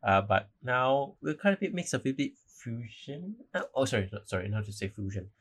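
A man's voice: mid-range voice, very animated, brisk, husky. A young man hosting a casual solo podcast, rambling, apologizing and correcting himself as he goes. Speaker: podcast host.

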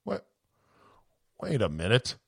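A man hosting a podcast, ranting sarcastically with profanity and a voice strained from shouting. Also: lowish voice, huge pitch swings, slow, vocal fry, husky, no room sound, studio quality. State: voice going from screaming. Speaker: podcast host. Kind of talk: casual podcast rant.

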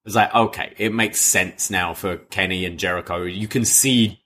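A man's voice: sits low, fairly even intonation, normal speed. A British man co-hosting a wrestling podcast, chatting casually and now and then mimicking wrestlers. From Britain. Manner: mimics wrestlers in loud put-on voices. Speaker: podcast co-host. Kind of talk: casual chat.

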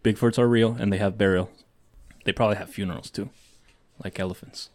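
A man's voice: on the low side, steady tone, brisk. A man co-hosting a casual podcast, laid-back and laughing often, with lots of "like" fillers. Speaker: podcast co-host. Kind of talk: casual chat.

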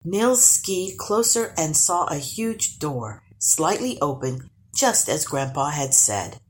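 A woman storyteller reading a children's storybook aloud with expressive, animated narration. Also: low voice, takes it slowly, slight background noise.

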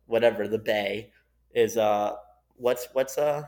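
A man's voice: on the low side, takes it slowly, a little mellow. A man joining a podcast as guest, chatting casually, laughing often and rambling. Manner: laughing, joking, loose rambling talk.

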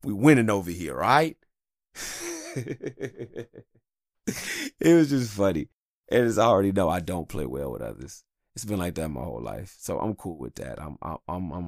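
A man's voice: low voice, animated, normal speed, vocal fry, darkish tone, dry recording, studio quality. A man hosting a podcast, talking in a candid, rambling, profane monologue. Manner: candid, rambling, heavy swearing. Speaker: podcast host.

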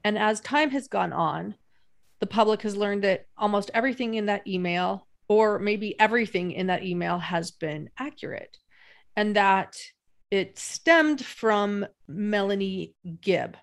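Woman hosting a podcast, measured, gravelly fry in her voice. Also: medium pitch. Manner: measured, scripted-sounding set-ups. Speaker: podcast host. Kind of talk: podcast interview.

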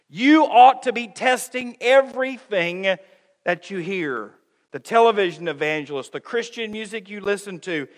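Man, pastor, lively sermon with acted-out quotes, high voice, echoing sanctuary. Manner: animated preaching with acted-out quotes and humor; calls the congregation "friends". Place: church sanctuary.

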